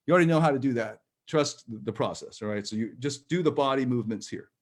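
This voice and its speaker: A man leading a live-streamed personal growth workshop, talking in a gentle, reassuring and chatty way with light laughs. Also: mid-range voice, expressive, fast talker.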